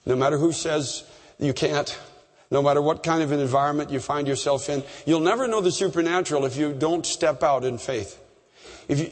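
A man from Canada preaching a storytelling sermon, animated and rising in pitch at the high points. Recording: long reverb in a large hall.

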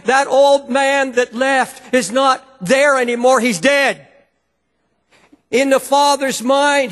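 Fervent male preacher, very high pitch, long hall reverb. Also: fairly bright tone. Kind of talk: sermon.

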